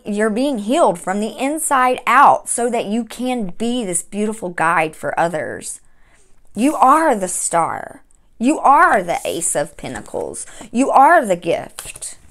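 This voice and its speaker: A woman hosting a tarot reading, speaking in a gentle, encouraging way with frequent fillers and restarts. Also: mid-range voice, vocal fry. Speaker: tarot reader. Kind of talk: monthly tarot reading to camera.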